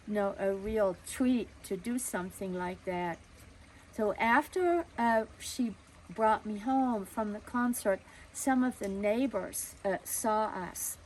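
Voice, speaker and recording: A woman's voice: medium pitch, slight background noise, poor audio. An older woman telling a personal childhood story in a conversational way.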